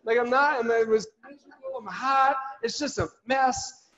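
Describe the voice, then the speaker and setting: A middle-aged man telling a funny, animated personal story to an audience at an office event. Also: extremely high pitch, slow pace, muffled recording. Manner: animated, jokey, acts out quotes. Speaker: motivational speaker.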